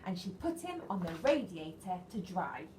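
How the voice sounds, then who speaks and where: A woman, a nursery teacher reading a picture book to young children in an animated, sing-song way and asking them questions. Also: on the low side, normal speed, a little hiss or hum. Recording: echoey room, faint ambience.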